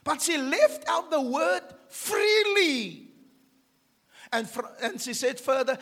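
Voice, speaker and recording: A man preaching a fiery sermon as pastor, swinging between shouts and hushed whispers. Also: very high-pitched, lively intonation, takes it slowly. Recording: long hall reverb.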